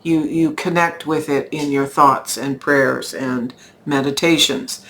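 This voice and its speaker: A woman giving a weekly tarot card reading in a slow, reflective, spiritual manner. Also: deep voice, steady tone, a bit bright, a little hiss or hum. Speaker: tarot reader.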